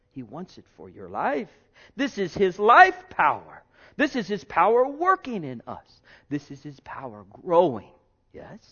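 A man pastor preaching a sermon to his congregation, swinging between loud exhortation and hushed, intimate tones. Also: a little high, highs cut off.

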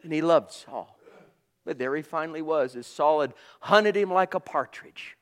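A man preaching a sermon with passion, swinging from loud calls to hushed asides. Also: on the high side, moderate pace, smooth.

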